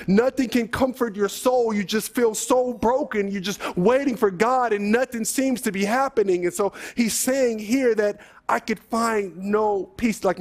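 A man preaching a sermon as a pastor, talking in a conversational way with many rhetorical questions and rising to emphatic peaks. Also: extremely high pitch.

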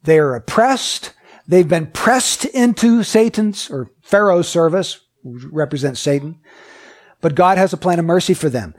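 A man's voice: fairly high pitch, expressive, unhurried. A man preaching a sermon. He reads scripture aloud, asks the listeners many questions, and repeats his points with emphasis. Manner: emphatic and repetitive.

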